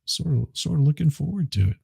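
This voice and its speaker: A man's voice: fairly high pitch, lively intonation, fast, gravelly, mellow, husky, dry recording, clean studio sound. A man hosting a live stream, rambling casually and chuckling as he reads chat. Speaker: livestream host.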